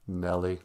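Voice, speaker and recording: A man's voice: low-pitched, a little mellow, clean tone. A man hosting a podcast, telling a story in a jokey, rambling way with sing-song asides. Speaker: podcast host. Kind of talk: comedic storytelling.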